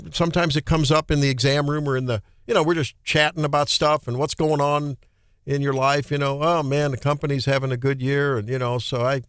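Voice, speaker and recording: A Midwestern man hosting talk radio, fired up and indignant, with a fairly high voice. He stumbles and restarts as he argues. The studio sound is dry and close. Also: a little fast, clean tone, dry recording. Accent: Midwestern American. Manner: animated, indignant, repeats and restarts. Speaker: radio talk show host. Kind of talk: opinionated political talk radio.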